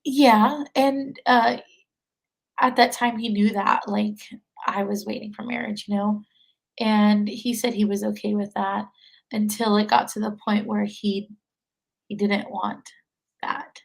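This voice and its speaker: A woman's voice: medium pitch, flat delivery, a little slow, vocal fry, low-quality recording. A young woman in her twenties, a podcast guest, talking casually with many fillers and frequent laughs. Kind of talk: casual conversation.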